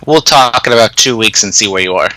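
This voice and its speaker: A man's voice: fairly low pitch, quick pace, bright, forceful tone, poor audio. A man co-hosting a casual wrestling podcast, giving opinions in a dry, wry way. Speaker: podcast co-host.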